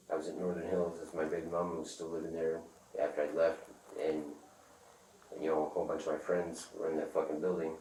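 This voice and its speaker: A man telling a rambling, profane story in casual talk, acting out the other people's lines loudly. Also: sits low. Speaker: interviewee. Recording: echoey room, far from the mic, faint noise.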